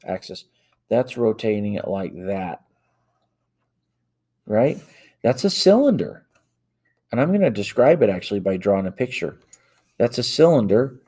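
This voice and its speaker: A man's voice: medium pitch, dark tone. A man teaching a math lesson, working problems aloud step by step and correcting himself as he types into a calculator. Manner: talks aloud while typing into a calculator, self-correcting. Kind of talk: worked-example math lesson.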